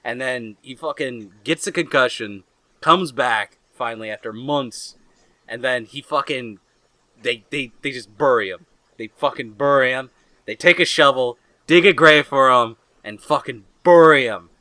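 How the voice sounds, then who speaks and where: A young man co-hosting a podcast in casual chat, rambling excitably and swearing a lot. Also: medium pitch, unhurried, dry recording. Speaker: podcast co-host.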